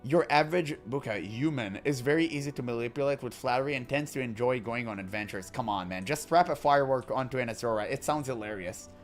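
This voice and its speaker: A man's voice: medium pitch, fast, few pauses. A man casually reading in-game books aloud and joking between passages, with faint music behind him. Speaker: gaming commentator.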